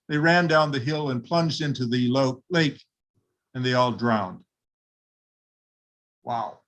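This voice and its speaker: An older man preaching a sermon, retelling a Bible story vividly and voicing its people. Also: medium pitch. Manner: vivid retelling with acted quotes.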